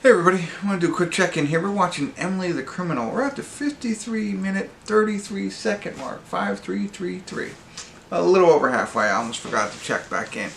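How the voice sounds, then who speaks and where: A man's voice: high voice, expressive, fast, gravelly, a bit bright, reverberant, slight background noise. A man giving a casual, rambling movie review, full of fillers and restarts. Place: pub.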